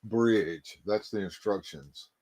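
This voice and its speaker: A man hosting a casual livestream, tired and out of breath, talking in halting, rambling bursts full of fillers and restarts. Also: lowish voice, darkish tone. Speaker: livestream host. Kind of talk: casual livestream chat, reading viewer comments.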